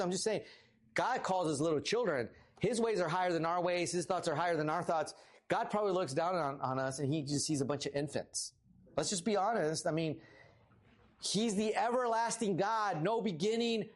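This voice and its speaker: A man in his thirties preaching a casual sermon as pastor, lively and talkative, rising for emphasis. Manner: casual, animated, rises in pitch for emphasis. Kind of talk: conversational sermon.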